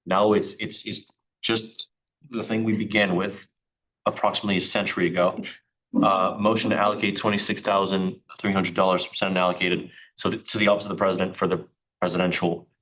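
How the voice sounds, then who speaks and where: A young man with a very low voice runs a student senate meeting. He moves through procedure plainly and adds dry asides. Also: flat delivery, a little fast, a bit bright, low-quality recording. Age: young adult. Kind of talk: chairing a student government meeting.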